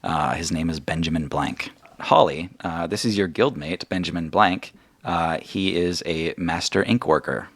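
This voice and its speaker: Low male game master, casual and rambling, dry recording. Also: moderate pace, a bit bright, no echo. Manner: casual, filler-heavy. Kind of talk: narrating a tabletop game.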